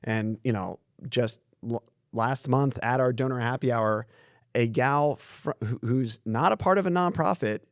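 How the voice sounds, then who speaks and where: A man's voice: mid-range voice, unhurried, dry recording, studio quality. A man from a community foundation in a casual podcast conversation, speaking in an easygoing, frank storytelling way.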